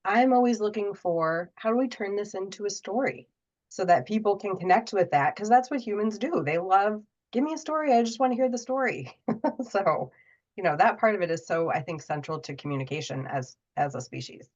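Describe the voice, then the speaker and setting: A woman's voice: medium pitch, expressive, a little fast, darkish tone. Woman telling a personal story, lo-fi. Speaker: podcast guest, storyteller. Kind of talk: conversational storytelling. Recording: muffled lo-fi audio.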